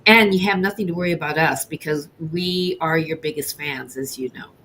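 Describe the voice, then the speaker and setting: A woman's voice: sits low, a little fast, a bit bright, a little hiss or hum. A woman voicing her grown daughter in a phone call as she retells it, firm and encouraging. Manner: insistent, cheerleading.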